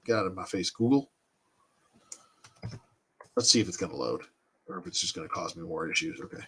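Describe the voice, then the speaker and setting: A man's voice: deep voice, lively intonation, a little fast, a bit bright, slightly rough. A man in his thirties hosting a casual livestream, rambling and thinking aloud as he answers his chat. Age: 30s. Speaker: toy collecting livestream host.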